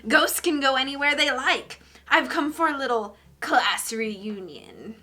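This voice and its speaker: A woman voicing the ghost of a mean female teacher in a slow, drawn-out witchy voice. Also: high voice, animated, sharp tone, full character voice. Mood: menacing.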